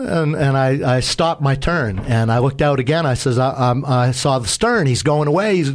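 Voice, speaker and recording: A man's voice: medium pitch, normal speed. Rambling man telling a sailing story. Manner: rambling, self-mocking, acts out quoted shouts. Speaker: sailor telling a sea story. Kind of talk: casual storytelling.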